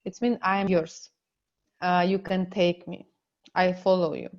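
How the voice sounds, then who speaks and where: Russian-accented woman, middle-aged, relationship coach; halting non-native English, unhurried delivery, a bit dull-sounding webinar recording. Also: lowish voice, level tone, darkish tone. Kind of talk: online seminar teaching.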